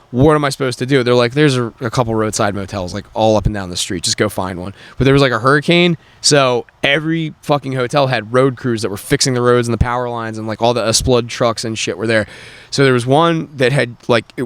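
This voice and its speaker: A man co-hosting a podcast, telling a rambling, profane story in casual chat and shouting when he acts out quotes. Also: medium pitch, clear, resonant tone, dry recording. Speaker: podcast co-host.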